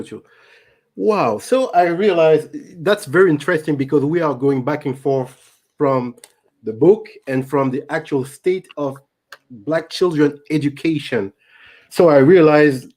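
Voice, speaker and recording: A man's voice: on the high side, expressive, a little slow, darkish tone. A man with a French accent, a native French speaker, hosting a live stream in a casual way and reading viewer comments aloud. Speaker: host.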